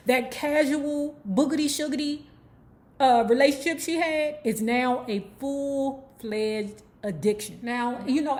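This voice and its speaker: A woman tells a celebrity's life story as casual commentary. She is animated and gossipy, swears freely, and breaks into snatches of song. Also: fairly high pitch. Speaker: YouTube host.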